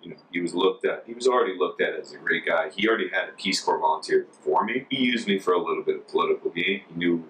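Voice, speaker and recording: Deep-voiced American man telling stories. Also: fast talker, hardly any pauses, slight background noise. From United States. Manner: relaxed, chatty, full of "like". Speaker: former Peace Corps volunteer. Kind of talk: casual interview storytelling. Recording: distant mic with faint ambience.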